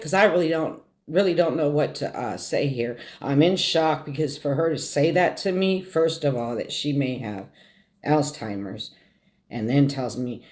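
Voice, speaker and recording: A middle-aged woman telling a personal story on her vlog, fighting back tears, halting and repeating words as she speaks. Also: low-pitched, darkish tone. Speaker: vlogger. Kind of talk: emotional story time.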